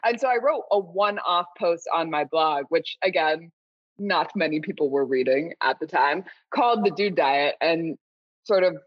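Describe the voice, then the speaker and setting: A woman's voice: sits low, slightly rough, dry recording. A woman guest telling stories in casual interview chat, in a chatty, self-deprecating way. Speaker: guest, food writer. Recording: dull, dry lo-fi sound.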